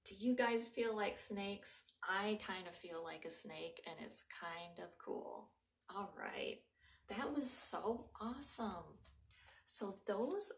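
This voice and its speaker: A woman leads small children through slow breathing exercises, soft and encouraging, now and then dropping to a whisper. She speaks slowly and calmly. She is heard from a little way off in a roomy, echoing room. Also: mid-range voice, creaky. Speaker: children's librarian leading a mindfulness story time. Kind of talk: gentle guided breathing lesson for young children. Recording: roomy home recording from a distance.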